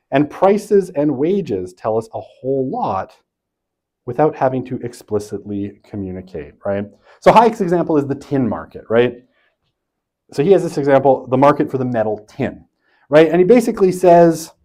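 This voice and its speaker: A man's voice: medium pitch, a little mellow. A man giving a university lecture in a loose, conversational way, often checking in with his listeners. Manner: conversational, tags points with "right?".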